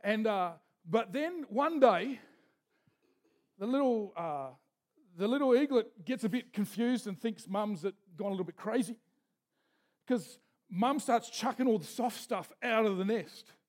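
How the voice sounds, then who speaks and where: A man's voice: high voice, lively intonation, measured pace, a little mellow. A man preaching a sermon as pastor, telling stories in a folksy manner with asides. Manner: storytelling with folksy asides and restarts.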